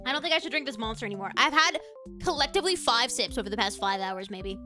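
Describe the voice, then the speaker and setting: A woman's voice: a little high, lively intonation, fast, bright, forceful tone, soft background music. A young woman hosting a casual livestream, chatting in a rambling way that often trails off. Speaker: streamer host. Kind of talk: casual livestream chat and reaction.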